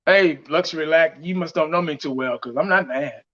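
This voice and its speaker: Ranting on his vlog, this fan vlogger delivers heated, blunt commentary and mocking laughter. He talks fairly quickly in a somewhat high, fairly bright voice, captured in dull, lo-fi audio.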